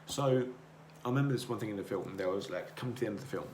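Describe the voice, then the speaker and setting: A podcast host with a fairly low, darkish voice races through an earnest, rambling motivational monologue, repeating himself as he circles his points. The recording has a roomy echo and faint noise.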